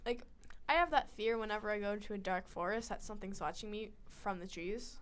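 A woman's voice: medium pitch, fairly quick. A teenage girl co-hosting a casual radio chat, rambling and giggly with lots of fillers. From United States. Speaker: co-host.

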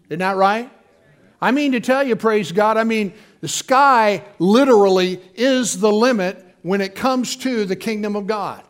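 A man preaching to his congregation in a high, light voice. He talks casually and acts out the voices he quotes. Now and then he breaks into sudden loud bursts. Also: expressive, unhurried. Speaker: pastor. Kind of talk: sermon.

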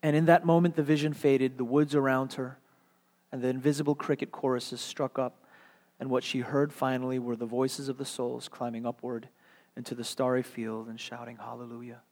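A man's voice: mid-range voice, level tone, moderate pace, a little mellow. A male pastor delivering a sermon with dramatic, earnest storytelling. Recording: long hall reverb.

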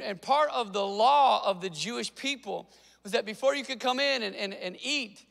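A man preaching a sermon as pastor, conversational and animated, with quick asides to the congregation. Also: high-pitched, gravelly, in a large hall.

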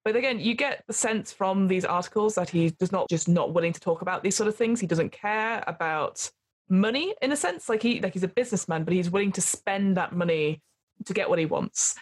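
A woman's voice: mid-range voice, lively intonation, brisk. A woman runs a tabletop horror game as game master, narrating scenes and calling for rolls. She rambles along with many fillers as she describes what happens.

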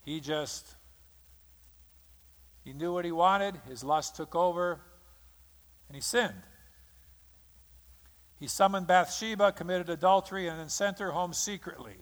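A man preaches a sermon in a fairly high voice. He tells the story with drama and acts out the lines of the people in it. His voice rings out in a hall with long reverb. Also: measured pace, pauses often. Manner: dramatic storytelling, acting out quotes. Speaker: pastor.

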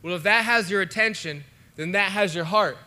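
A man's voice: sits high, moderate pace, pushed and bright. A young man giving an online sermon as a pastor, talking in a casual, conversational way with lots of fillers.

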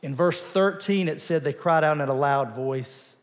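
A male pastor giving a conversational sermon in a church, asking the congregation questions and dropping to a quiet voice for emphasis. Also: on the high side, moderate pace, big-room sound.

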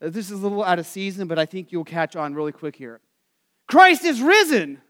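A man, a Lutheran pastor, preaching a sermon in a conversational way, with lots of "you know" asides, and lifting into energetic emphasis. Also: fairly high pitch, fast. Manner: rises to excited, energetic emphasis.

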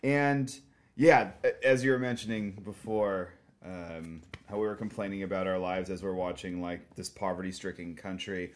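A man's voice: deep voice, fairly even intonation, normal speed. A man co-hosting a film podcast, chatting casually, profane and rambling, laughing often. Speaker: podcast co-host.

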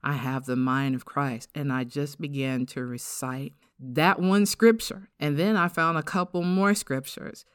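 A middle-aged woman with an African-American English accent hosting a podcast, giving an earnest, reflective personal testimony and slowing down to stress key words. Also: low-pitched, clear, resonant tone, dry recording, studio quality. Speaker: podcast host.

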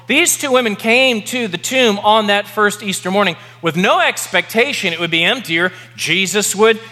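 A man preaching a sermon as pastor, emphatic, repeating key words slowly for effect. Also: high-pitched, sharp tone. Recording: long reverb of a large hall.

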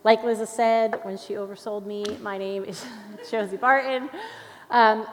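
A woman's voice: mid-range voice, fairly even intonation, measured pace, slight background noise. A young adult woman giving a sermon as a guest speaker, playful and conversational, with light asides to the congregation. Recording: long reverb of a large hall.

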